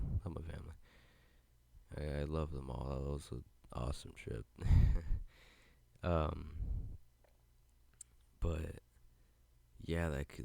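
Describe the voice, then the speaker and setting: With a very deep, creaky, dark-toned voice, this young podcaster from the United States talks on his own in a relaxed, rambling style, cursing freely along the way. The recording is dry.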